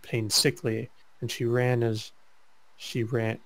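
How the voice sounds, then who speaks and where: A man's voice: mid-range voice, flat delivery, dry recording. A man reading a fanfic aloud for laughs, stumbling over words and trading jokes with a co-host. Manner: halting read-aloud, stumbles and mock-serious delivery. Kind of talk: comedic dramatic reading with banter.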